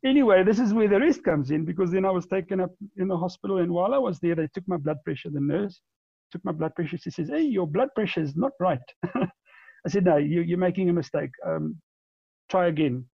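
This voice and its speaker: A man's voice: sits high, lively intonation, fairly quick, creaky, mellow, breathy edge, no echo, highs cut off. A man in his forties, a podcast guest, telling a long personal story in a rambling way, repeating words and restarting his sentences. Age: 40s. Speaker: interview guest. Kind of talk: conversational storytelling.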